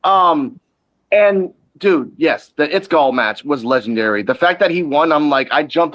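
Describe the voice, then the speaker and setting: A man co-hosting a casual wrestling podcast, who gives quick rundowns with sudden excited outbursts. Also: on the high side, highs cut off, a little hiss or hum. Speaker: podcast co-host.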